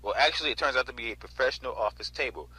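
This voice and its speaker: A man in his twenties from North Carolina casually recounting a storage auction in an animated way, often adding "right?" and "you know?". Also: medium pitch, racing, slightly rough, poor audio. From North Carolina, USA. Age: 20s. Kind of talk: casual storytelling vlog.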